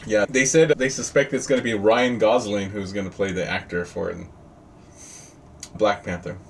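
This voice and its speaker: A man's voice: on the low side, fairly even intonation, normal speed. A man teaching a live online class over a video call, chatty and jokey, often quizzing his students. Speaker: trading teacher. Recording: distant mic with faint noise.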